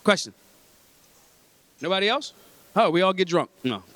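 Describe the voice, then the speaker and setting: A man from Philadelphia speaks at a convention breakfast, blunt, emphatic and streetwise, swearing freely to the room. His high voice is expressive and a bit bright at a moderate pace, with no echo.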